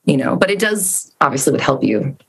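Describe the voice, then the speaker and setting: Animated, cursing woman chatting. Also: rumbling low, brisk, creaky, husky. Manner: animated, swears freely, emotional rambling. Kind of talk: casual chat.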